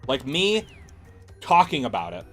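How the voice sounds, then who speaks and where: A man's voice: mid-range voice, wildly swooping pitch, a little slow, a bit bright, faint music behind. A man streaming games, chatting casually and ranting sarcastically with plenty of swearing. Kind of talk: casual livestream chat.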